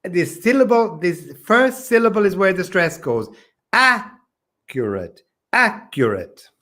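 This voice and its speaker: A man's voice: high voice, expressive, moderate pace, fairly bright tone. A man working as an English teacher, casually correcting a learner's pronunciation in a friendly way.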